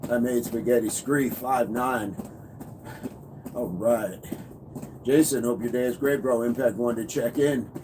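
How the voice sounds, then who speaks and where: A man's voice: medium pitch, a little slow, long pauses. A man coaching fitness on a casual livestream, upbeat, reading and answering viewer comments. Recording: noisy background.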